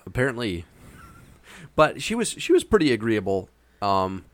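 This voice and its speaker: A man's voice: lowish voice, big pitch swings, moderate pace, dry recording. A man casually telling a long, meandering anecdote with frequent hesitations. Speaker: storyteller. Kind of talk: casual chat.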